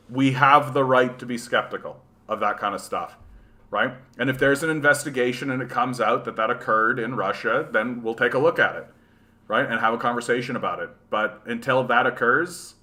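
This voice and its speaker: A man's voice: medium pitch, normal speed, bright, forceful tone. A man from rural Manitoba hosting a casual livestream, rambling and sarcastic, often tagging his points with "right?". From rural Manitoba, Canada. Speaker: livestream host. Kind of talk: casual livestream chat reading viewer comments.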